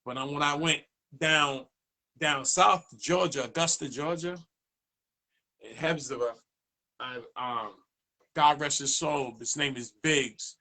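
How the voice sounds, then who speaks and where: A man tells stories as a DJ guest in a relaxed interview. His voice sits a bit high and bright, and it jumps up when he plays out other people's lines. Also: slow pace, long pauses. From Boston, USA. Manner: animated, acts out dialogue in raised voice. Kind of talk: casual storytelling interview.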